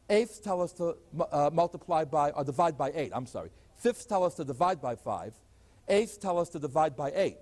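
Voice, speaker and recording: A man's voice: sits high, a little mellow. A man teaching a math lecture, explaining step by step and posing rhetorical questions to the class. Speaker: mathematics lecturer. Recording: long hall reverb.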